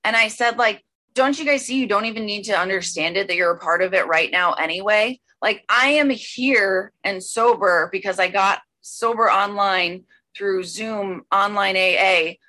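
A woman with a bright, clear voice sharing her own recovery story at an online meeting. She rambles, full of "um" and "like," then rushes ahead in quick, excited bursts. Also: mid-range voice. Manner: rambling, filler-heavy, with bursts of excited speed.

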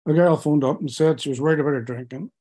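A middle-aged man recounts his past with candid, self-mocking honesty, stumbling over fillers. His voice is husky and mellow. He sounds close to tears. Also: fairly high pitch, fast. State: tearful. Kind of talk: personal storytelling to an interviewer.

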